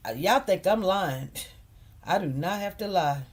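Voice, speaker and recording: Slow, emphatic woman telling a story. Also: lowish voice, lively intonation, a little mellow, slightly rough. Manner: emphatic, repeats phrases, addresses viewers as "you guys". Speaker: commentary channel host. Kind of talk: casual storytelling to viewers.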